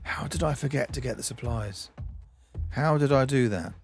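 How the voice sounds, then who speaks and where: A man's voice: mid-range voice, normal speed, faint music behind. A man streaming a game, giving chatty let's-play commentary and talking to himself and to objects on screen.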